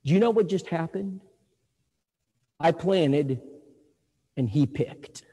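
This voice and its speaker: Preacher, folksy storyteller, husky higher voice, church hall reverb. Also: male voice, expressive, slow, warm tone. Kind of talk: sermon with storytelling. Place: church auditorium. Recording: echoey hall.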